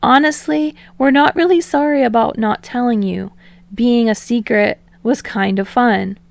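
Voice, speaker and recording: A woman's voice: a little high, unhurried, creaky, dry recording. A woman reading as an easygoing teen boyfriend. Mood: sheepish. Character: easygoing affectionate teenage boy. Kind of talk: podfic reading.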